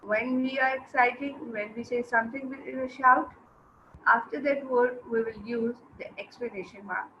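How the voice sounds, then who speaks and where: A woman teacher giving an online English lesson to young children. She explains slowly, repeats words and asks the class questions. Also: a little high, fairly even intonation. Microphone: video lesson mic. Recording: dull lo-fi with faint noise.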